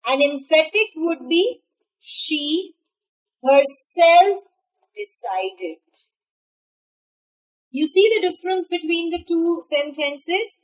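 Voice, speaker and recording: A woman teaching an English grammar lesson, speaking deliberately and stressing single words with pauses. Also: very high-pitched, low-quality recording. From India. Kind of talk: slow classroom grammar lesson.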